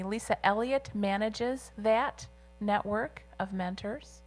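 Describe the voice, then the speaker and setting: A woman interpreting a deaf guest's signed answers aloud in an interview, with a measured and slightly halting delivery. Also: on the low side, soft background music.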